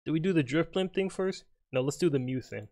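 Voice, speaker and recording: A man's voice: a little high, animated, a little mellow. A young man casually commenting on his own live game, joking and talking to his opponent. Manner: joking, talks to the opponent, quick mutters. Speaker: streamer.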